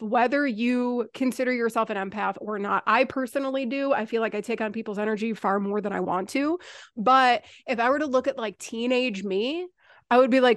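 A woman's voice: on the high side, no echo, clean studio sound. A woman co-hosting a podcast, telling candid personal stories in casual conversation and swearing freely. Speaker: podcast co-host.

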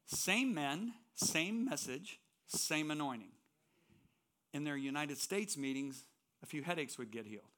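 With a fairly bright, high-leaning voice, this man speaks expressively at a measured pace. He's a guest speaker preaching in a church, weaving personal stories into his sermon with strong emphasis.

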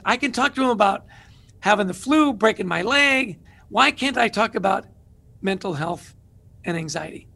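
A man's voice: high-pitched, normal speed, vocal fry. A man who is a guest author, telling stories with energy in an interview conversation. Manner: energetic, animated storyteller.

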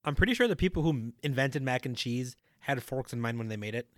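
A young man co-hosting a casual chat show, calmly and matter-of-factly explaining his food opinions. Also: mid-range voice, fast talker, dry recording, studio quality. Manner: calm, matter-of-fact reasoning. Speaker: podcast co-host.

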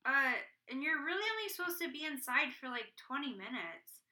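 A woman's voice: sits high, lively intonation, a little fast, sharp tone. A woman playing a barista in a comedy sketch, polite and awkwardly hesitant.

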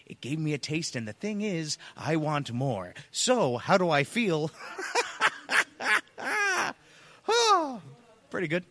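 A man playing a manic clown king wrestler who giggles, shouts and drops into hushed mutters. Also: a little high, huge pitch swings, unhurried, full character voice. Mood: theatrical. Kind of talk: wrestling promo interview.

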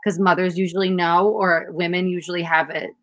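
Woman telling a story in casual chat, kinda low voice, super dry close sound. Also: fairly quick, no room sound, rough recording. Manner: animated storytelling, acts out quotes.

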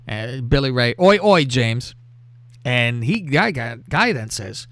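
A man hosting a casual show, telling a crude story in a lively, profane way and reading out text messages. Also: mid-range voice, slow, no room sound. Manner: animated, profane, reads out texts with laughter. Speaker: podcast host.

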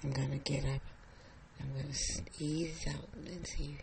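A storyteller voicing a frightened mother with grown daughters, talking with a gravelly edge. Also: mid-range voice, flat delivery, a little slow, noisy background. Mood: cautious. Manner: shaky then earnest and pleading.

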